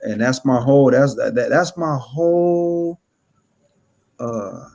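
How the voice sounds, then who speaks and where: Man, from California, talk show guest, hesitant, earnest, halting. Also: medium pitch, creaky, darkish tone, dull audio. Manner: hesitant, many "uh" fillers, earnest.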